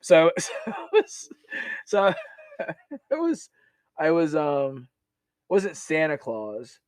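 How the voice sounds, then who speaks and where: A man telling stories from his army service in a casual, animated way, laughing often and restarting his sentences. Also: fairly high pitch, no room sound. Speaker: podcast guest, army veteran. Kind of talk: casual storytelling.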